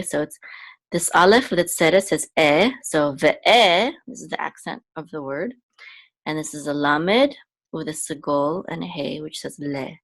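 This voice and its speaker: A woman teaching Biblical Hebrew step by step, patiently repeating each word and checking in with "okay?" as she goes. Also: deep voice. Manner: adds frequent "okay?" checks. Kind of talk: slow step-by-step language lesson.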